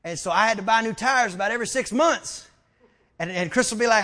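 A fast-talking preacher with a high voice fills his sermon with stories, bringing quoted speech to life through animated acting. Excitement makes him repeat his words again and again.

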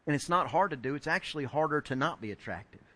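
A middle-aged male pastor preaching with a high, bright voice. He tells stories in an animated way, acts out the voices of the people in them, and pushes up into near-shouts to land his points. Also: fast talker. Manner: animated storyteller acting out quoted voices, rising to shouts. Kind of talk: sermon with storytelling.

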